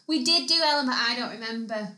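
A chatty woman co-hosting a podcast, teasing her partner and laughing easily. Her voice is high and bright. The room sounds roomy and echoey. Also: fast talker. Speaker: podcast co-host. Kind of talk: casual chat.

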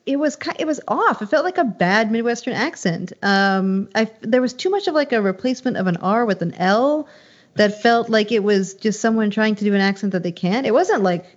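A woman's voice: mid-range voice, animated, brisk, highs cut off. Hesitant opinionated woman film podcaster. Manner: hesitant, restarts often, opinionated. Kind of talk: casual chat.

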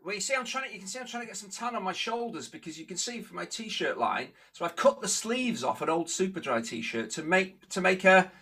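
A man's voice: high-pitched, animated, brisk, few pauses, bright, forceful tone, husky. A man co-hosting a podcast, bantering playfully with his friends. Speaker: podcast co-host. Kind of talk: casual chat among friends.

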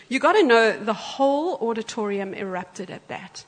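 Animated woman preaching in a church. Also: fairly high pitch, measured pace, hardly any pauses. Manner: animated storyteller, acts out quotes. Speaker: guest preacher. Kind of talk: sermon with storytelling. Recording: church hall with long reverb.

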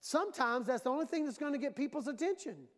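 A woman's voice: sits high, expressive, fast. A woman pastor preaching a sermon in a church, emphatic and conversational, often acting out the voices she quotes.

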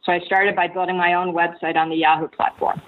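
A woman entrepreneur, a podcast guest, telling her story in lively anecdotes. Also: on the low side, fairly quick. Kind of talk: interview answers, storytelling. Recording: tinny phone line.

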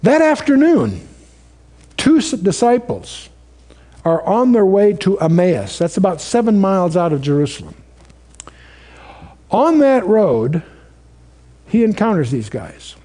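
High-voiced man preaching a sermon. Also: very animated, measured pace, pauses often, dark tone. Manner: conversational storytelling, asks the audience questions.

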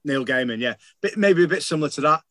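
A man talking quickly and eagerly on a casual podcast, sentences tumbling over each other and peppered with swearing. His voice is recorded close and dry, with no room sound at all. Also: fairly high pitch, expressive, fairly bright tone, no room sound. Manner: swearing, rambling, enthusiastic. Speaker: podcast co-host.

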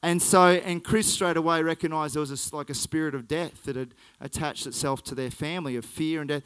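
High-voiced preacher man, clear and resonant. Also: steady tone, a little fast, a bit bright. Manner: storytelling, earnest and building to emphatic points. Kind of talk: sermon.

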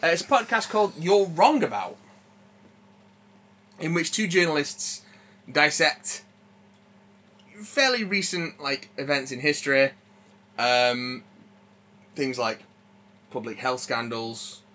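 A man's voice: on the high side, expressive, slow, long pauses, pushed and bright. A man co-hosting a podcast, chatting casually and rambling with lots of ums and restarts. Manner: rambling, many fillers and restarts. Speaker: podcast co-host. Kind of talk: casual chat.

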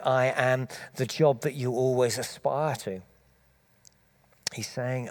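A man preaching, giving a measured, explanatory Bible teaching talk with small restarts as he thinks aloud. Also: mid-range voice, a little mellow.

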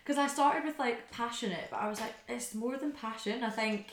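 Young Glaswegian woman, podcast guest, animated storyteller, roomy echo. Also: on the high side, brisk, slight background noise. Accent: Glaswegian Scottish. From Scotland. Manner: animated, acts out quoted voices. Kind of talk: casual group chat.

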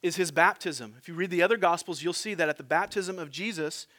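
A man delivers a sermon in a fairly high, forceful and bright voice. He keeps it conversational, tossing quick questions and asides to the congregation as he preaches. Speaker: pastor.

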